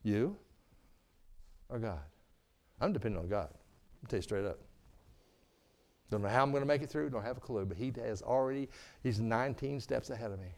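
A middle-aged man preaching a sermon, calling for amens and swinging from booming to hushed. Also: moderate pace, pauses often. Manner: preaching with call-and-response, asking "Amen?". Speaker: pastor.

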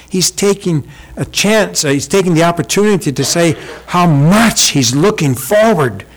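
A male preacher delivers an emphatic sermon in a church hall. His voice sits at an ordinary middle pitch, and he presses the congregation with rhetorical questions as he walks them through his points. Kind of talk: sermon with visual aids.

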